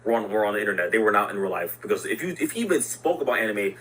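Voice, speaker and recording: A man tells a casual story straight to camera, rambling and full of filler. He talks quickly with a bright, forward tone. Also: fairly low pitch, very animated, slight background noise, poor audio. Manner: loose and rambling, full of "like" and "bro".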